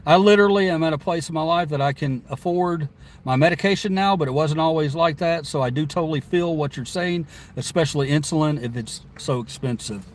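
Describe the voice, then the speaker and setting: A man's voice: on the high side, a little fast, a little hiss or hum. A man live streaming from inside his car, reading viewer chat aloud and answering it in a rambling, chatty way with frequent laughs.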